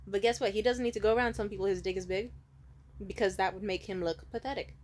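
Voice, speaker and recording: A woman's voice: fairly even intonation, fast. Blunt, profane young woman vlogging. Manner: blunt, profane, swings from loud to low asides. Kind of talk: casual candid monologue.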